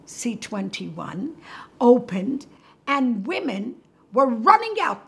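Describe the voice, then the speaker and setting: An older woman hosting from her kitchen, telling a story with animation and hushed near-whispers. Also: fairly high pitch, vocal fry, husky. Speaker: host. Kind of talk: storytelling talk to viewers. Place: home kitchen.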